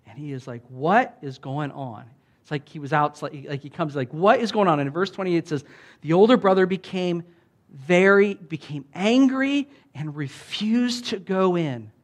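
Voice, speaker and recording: High-pitched guy preaching, chatty, gets loud and high on the quotes. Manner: animated, voice rises high when reading quoted lines; casual, many fillers, laughs often. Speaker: pastor. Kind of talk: sermon.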